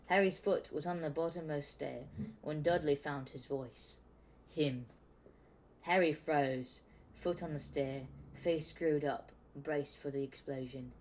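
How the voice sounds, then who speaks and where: A man's voice: on the high side, measured pace, a little mellow, poor audio. A man casually reading a novel aloud, often stumbling and restarting words. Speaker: audiobook reader. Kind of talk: casual amateur book reading.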